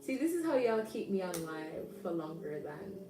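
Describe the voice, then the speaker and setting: A woman's voice: fairly low pitch, big pitch swings, moderate pace, recorded from a distance, background noise. A woman hosting a casual livestream chat, reading comments aloud and laughing often. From Jamaica. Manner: chatty, laughs often, thinks aloud with fillers. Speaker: livestream host. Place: home, living in England. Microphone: phone or tablet. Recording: roomy sound from off mic, loud music behind.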